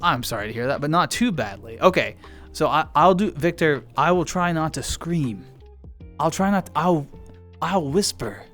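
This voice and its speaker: A man's voice: a little high, expressive, moderate pace, a bit bright, soft background music. A man, casually chatting with viewers on a live stream, reading chat aloud and laughing often.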